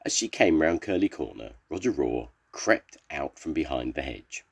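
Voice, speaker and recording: Reading a kids' storybook aloud, a grandfatherly storyteller takes an unhurried, expressive approach. His voice is deep and husky yet lively in pitch.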